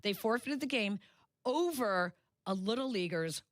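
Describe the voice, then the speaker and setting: A woman's voice: on the high side, a little slow, no echo, clean studio sound. Chatty woman co-hosting sports radio. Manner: animated retelling, acts out quoted voices. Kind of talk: casual radio chat, storytelling. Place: radio studio. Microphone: studio microphone.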